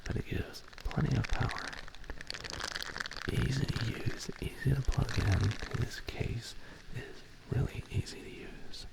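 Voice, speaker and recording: A man whispering softly and slowly as an ASMR streamer, drawing out his words in a close-miked booth. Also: mid-range voice, vocal fry, rough recording. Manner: slow, soft whispering with drawn-out words. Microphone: close studio microphone in a sound booth.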